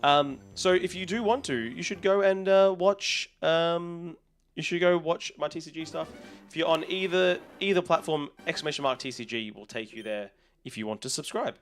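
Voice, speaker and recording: A man's voice: fairly high pitch, moderate pace, soft background music. An Australian man live-streaming a game, chatting casually and answering viewers' messages in a loose, rambling way. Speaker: livestreamer. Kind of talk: casual chat with live chat readers.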